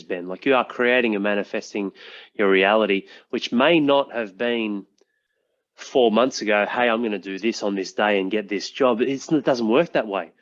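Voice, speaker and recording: A man's voice: fairly low pitch, highs cut off. A man hosting a casual podcast interview, talking emphatically, swearing now and then and calling his guest mate. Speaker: podcast host.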